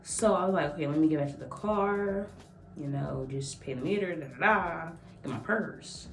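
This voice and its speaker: A woman's voice: sits low, moderate pace, creaky, faint music behind. A young woman vlogger telling a casual story, acting out quotes and laughing often. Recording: echoey room, mic at a distance.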